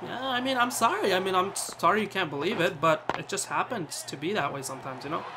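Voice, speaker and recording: A man's voice: high-pitched, fast talker, noisy background. A man giving casual commentary as he plays a cricket video game, bantering, swearing and talking to his player on screen.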